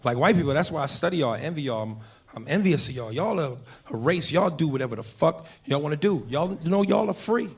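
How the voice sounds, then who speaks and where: A man's voice: fairly high pitch, expressive, fast, gravelly. A man doing a brash, profane stand-up set on a comedy stage before a live audience. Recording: live club mic, crowd laughter.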